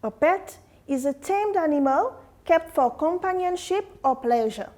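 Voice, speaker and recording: A woman with a bright, high voice leads an English lesson for young learners. She explains patiently and keeps asking the class questions. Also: expressive, a little slow. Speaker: English teacher. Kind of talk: classroom lesson addressed to students.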